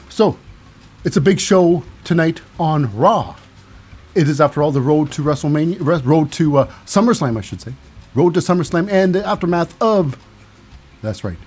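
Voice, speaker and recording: Guy rambling through a wrestling recap, fillers everywhere, bit husky, kinda high voice. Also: darkish tone. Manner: rambling, lots of fillers and self-corrections. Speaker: recap show host.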